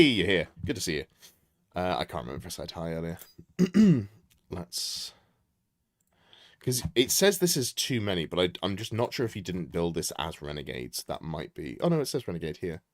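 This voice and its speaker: A man's voice: deep voice, very animated, normal speed, pauses often, dry recording, studio quality. A man reviewing a tabletop army list on a live stream, thinking aloud, correcting himself and chatting to viewers. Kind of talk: casual live-stream commentary.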